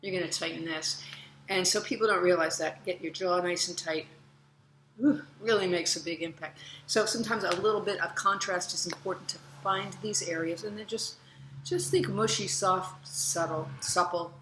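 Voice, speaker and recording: A middle-aged woman voice teacher giving a casual lesson, relaxed and chatty, breaking into loud vocal demonstration sounds. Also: on the low side, moderate pace, echoey room, a little hiss or hum.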